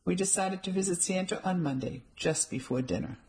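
A woman's voice: lowish voice, fairly quick, darkish tone, rough recording. Woman narrating an audiobook. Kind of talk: first-person audiobook narration.

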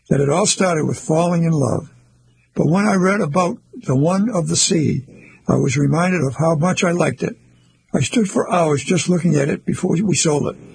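A man narrating an audiobook in a calm, even storytelling manner, with a husky, creaky voice. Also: a little high, poor audio. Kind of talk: scripted narration.

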